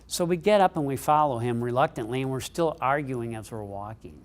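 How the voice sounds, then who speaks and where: A middle-aged man giving a keynote speech, telling a story with animated delivery that lifts in pitch as he gets excited. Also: fairly quick. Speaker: keynote speaker.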